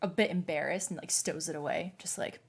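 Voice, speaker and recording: A woman's voice: sits low, fairly quick, gravelly, slightly rough. A woman narrating as game master of a tabletop game, often laughing through her narration.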